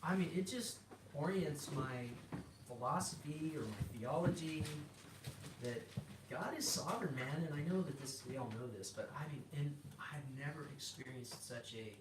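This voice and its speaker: A man's voice: a little high, moderate pace. A middle-aged man sharing a personal faith story in casual talk, acting out the dialogue with restarts and fillers. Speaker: guest sharing a personal testimony. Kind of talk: casual spoken testimony. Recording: roomy sound from a distant mic with background noise.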